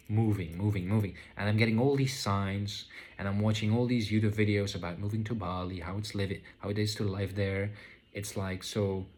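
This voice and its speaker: Reflecting casually on his own spiritual experiences, this vlogger talks in a low voice that stays calm and unhurried. His delivery is slow and searching, full of fillers and restarts.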